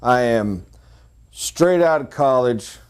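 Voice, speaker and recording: A man's voice: medium pitch, lively intonation, smooth. Blunt, joking male sales trainer. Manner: blunt, joking, pointed emphasis; talks straight to the audience with quick asides.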